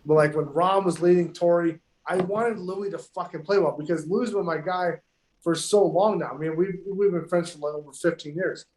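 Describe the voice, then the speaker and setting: A man's voice: high-pitched, steady tone, normal speed, darkish tone, a little hiss or hum. A man, a professional golfer, telling stories in casual podcast chat, emphatic and heavily profane. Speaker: pro golfer guest. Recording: echoey room.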